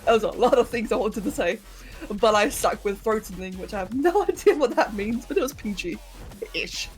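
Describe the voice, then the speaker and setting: A young British woman rambles cheerfully to her live chat as she plays, giggling often and talking in a slightly high voice. Her throat sounds a bit sore, and faint game music sits behind her. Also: animated, normal speed. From Britain. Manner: chatty, giggly, talks to chat. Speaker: streamer. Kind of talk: casual live-stream chat while gaming.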